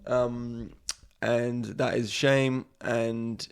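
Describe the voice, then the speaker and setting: A man's voice: mid-range voice, flat delivery, extremely slow, creaky, smooth. A man, a comedian and podcast host, rambling sarcastically through a comic monologue, often trailing off.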